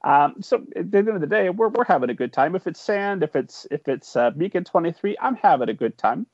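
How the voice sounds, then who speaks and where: A man's voice: sits high, expressive, fairly quick, slightly rough, no room sound. A man hosting an interview podcast, enthusiastic and chatty. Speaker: podcast host. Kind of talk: casual interview chat. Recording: dry close sound, dull lo-fi audio.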